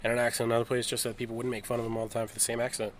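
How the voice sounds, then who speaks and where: A young man trades loose jokes with a friend on a podcast, swearing freely and laughing easily. His voice sits at an ordinary middle pitch and the talk is relaxed chat. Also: racing, a little hiss or hum. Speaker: podcast co-host. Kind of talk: casual chat.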